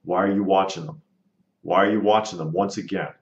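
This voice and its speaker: A man's voice: sits low, fairly even intonation, a little fast. A man hosting his own channel, bluntly and sarcastically answering rude viewer comments in casual commentary. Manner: blunt, sarcastic, dismissive of critics. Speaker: channel host. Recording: roomy, slightly dull audio.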